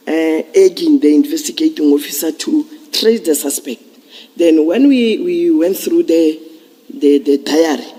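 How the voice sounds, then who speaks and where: A man testifying as a police officer at a commission hearing, explaining procedure in a measured way with some restarts. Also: on the high side, dark tone, slightly rough. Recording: long reverb of a large hearing room.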